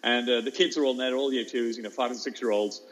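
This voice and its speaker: A man, a teacher, telling a classroom story in a fast, lively way and acting out the children's voices. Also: medium pitch, poor audio. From England. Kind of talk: animated storytelling.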